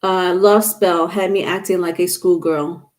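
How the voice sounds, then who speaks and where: A woman's voice: on the low side, fairly even intonation, unhurried. A woman giving a casual tarot reading to her viewers, chatty and instructive, with many fillers and restarts. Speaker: tarot reader.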